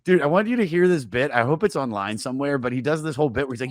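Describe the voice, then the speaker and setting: A male podcast host talking casually, swinging between loud jokes and quiet asides, with plenty of cursing and laughter. His voice sits close to the mic in a dry, dead-sounding room. He sounds loose and excitable. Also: mid-range voice, very fast, hardly any pauses, no room sound. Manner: animated, swears a lot, laughs often. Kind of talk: casual chat.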